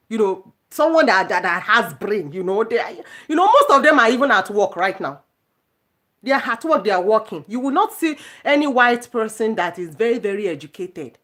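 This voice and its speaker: A woman's voice: mid-range voice, a bit bright. A middle-aged woman talking casually to her viewers in an indignant, emphatic rant, repeating herself for force. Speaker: vlogger. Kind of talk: casual ranting monologue to viewers.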